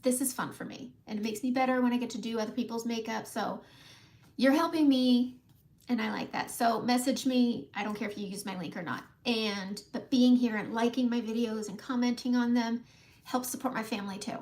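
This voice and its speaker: A woman's voice: on the high side, fairly even intonation, fairly quick, darkish tone. Chatty woman hosting a makeup livestream. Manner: chatty, laughs often, talks to viewers by name. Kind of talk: casual live makeup tutorial.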